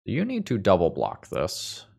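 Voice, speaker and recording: A man's voice: deep voice, huge pitch swings, measured pace, vocal fry, husky. A young man with a congested voice giving casual commentary on a card game as he plays, thinking aloud with dry quips. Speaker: Magic gameplay video host.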